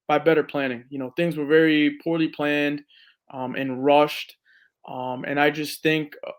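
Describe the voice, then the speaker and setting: A man, a veteran and police officer, talking earnestly as a podcast guest with lots of fillers. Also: fairly high pitch. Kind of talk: casual interview talk.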